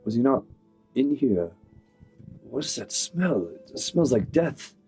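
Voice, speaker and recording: A man's voice: mid-range voice, sing-song, slow pace, warm tone, soft background music, voice pushed up, low-quality recording. A man voicing a fussy, squeamish male elf guard. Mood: puzzled.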